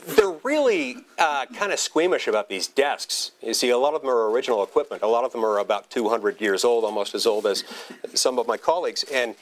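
A man giving a humorous speech as a senator, telling a story in a wry, self-deprecating way with halting restarts. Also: mid-range voice, lively intonation.

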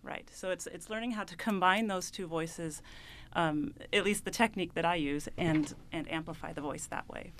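A woman's voice: fairly low pitch, a bit bright. Young woman singer, faint background hum. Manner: earnest, explanatory, halting at times. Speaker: voice student and mezzo-soprano. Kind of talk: radio interview guest.

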